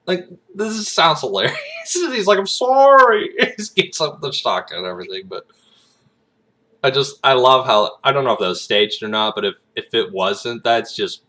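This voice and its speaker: Rambling man with a bright low voice. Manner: rambling, filler-heavy, laughs often. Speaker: aspiring actor, vlogger. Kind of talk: casual rambling monologue.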